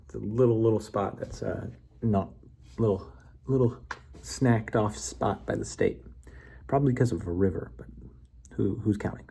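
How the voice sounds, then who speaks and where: A man's voice: lowish voice, expressive, normal speed, creaky, pauses often, dark tone, a little hiss or hum. A man giving a casual, rambling monologue that builds a memory story, playful and correcting himself as he goes. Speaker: vlogger.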